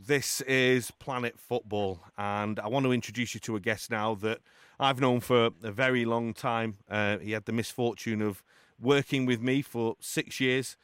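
Smooth-voiced man hosting football radio. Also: mid-range voice, steady tone, normal speed, fairly bright tone, dry recording, studio quality. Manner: jokey, laughs often. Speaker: radio football show host. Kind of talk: radio show presenting. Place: radio studio.

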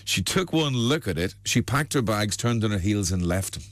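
A man's voice: fairly low pitch, lively intonation, moderate pace, no echo. A man hosting a breakfast radio show, telling jokes in a cheeky way and laughing at his own punchlines. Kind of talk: joke-telling radio banter. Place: dry radio studio.

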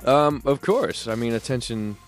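A man being interviewed as a guest singer on the radio, relaxed, joking and self-deprecating. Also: mid-range voice, normal speed, faint music behind.

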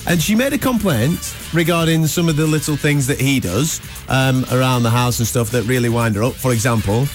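A man's voice: medium pitch, brisk, soft background music. A man hosting a breakfast radio show, telling rambling jokey stories in casual chat.

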